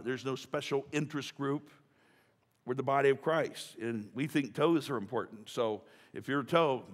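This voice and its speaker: A man preaching a casual, joking sermon as pastor, talking chattily with many restarts and asides. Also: medium pitch. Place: church sanctuary. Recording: church hall reverb.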